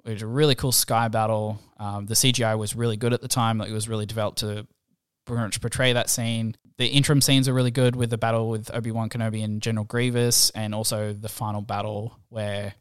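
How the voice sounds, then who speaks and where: Chatty male podcast co-host, smooth dry voice. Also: lowish voice, fast, no echo. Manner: relaxed and conversational, recapping scenes with laughs. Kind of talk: casual chat.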